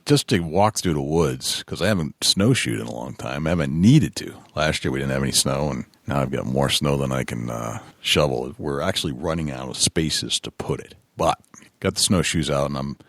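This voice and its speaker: A man's voice: very deep voice, normal speed, gravelly, no room sound. A man hosting a podcast from his studio, chatting in an easygoing, rambling way with frequent restarts. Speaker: podcast host. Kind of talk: casual podcast chat. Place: home studio.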